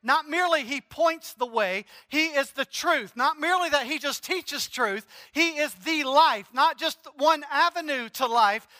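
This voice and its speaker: A man's voice: very high-pitched, a little slow, hardly any pauses, pushed and bright. A man preaching a sermon as pastor, earnest and emphatic, driving points home through repetition. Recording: long hall reverb.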